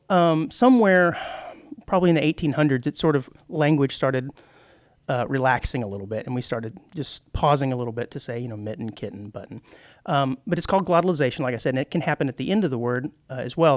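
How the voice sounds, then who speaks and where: A man's voice: medium pitch, brisk, no room sound. A man co-hosting a radio show, explaining at length in casual chat with many restarts. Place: radio studio.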